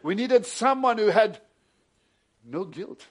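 A man delivering a sermon, his voice sitting slightly high. He drops to a quiet, close telling of a story, then rises into loud, forceful preaching. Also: expressive, slow pace. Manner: shifts from hushed storytelling to loud emphatic preaching.

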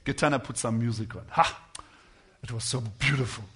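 A man of medium pitch preaches a sermon to his congregation. His delivery rises from hushed to loud and back, with words drawn out slowly for emphasis.

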